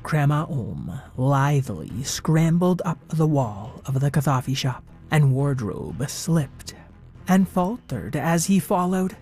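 A man's voice: a little high, expressive, slow pace, a little mellow, faint music behind. A man narrating a comic storybook tale in a playful way.

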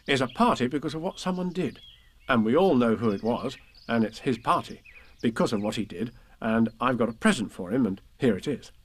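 A man's voice: mid-range voice, lively intonation, a little fast, lightly acted. A man reading a storybook, giving a young boy's earnest little speech.

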